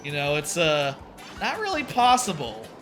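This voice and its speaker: Young guy streaming a game, kinda high sharp voice, rambly, says like a lot, swears here and there. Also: huge pitch swings, moderate pace. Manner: rambling, filler-heavy, swears casually. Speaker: charity streamer. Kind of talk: casual gameplay commentary. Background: faint game music.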